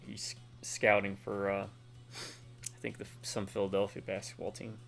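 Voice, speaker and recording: A middle-aged man with a gravelly, creaky voice rambles easily between moves in a co-op game. Faint game music hums behind him. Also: lowish voice, completely flat delivery, a little slow, fairly bright tone. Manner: laid-back, rambling. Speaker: co-host gamer. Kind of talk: casual gameplay chat.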